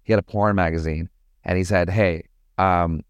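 A man from Toronto, a podcast guest telling stories in a casual, animated, slangy way. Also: deep voice, moderate pace, clear, resonant tone, no echo. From Toronto, Canada. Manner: animated, slangy, acts out voices in his anecdotes. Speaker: podcast guest, party promoter. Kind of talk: casual storytelling.

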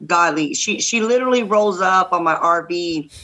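A middle-aged woman from Texas, a guest candidate telling lively stories in a podcast interview and acting out the voices in them. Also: on the low side, normal speed, low-quality recording. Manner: lively, acts out voices in anecdotes. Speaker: guest, state senate candidate. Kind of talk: animated storytelling in a podcast interview.

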